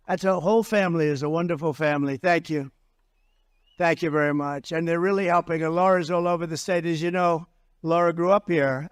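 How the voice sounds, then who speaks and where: A man's voice: high voice, dry recording, clean studio sound. An older man giving a campaign rally speech, rambling and repeating himself with boastful asides. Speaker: political candidate. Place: political rally stage.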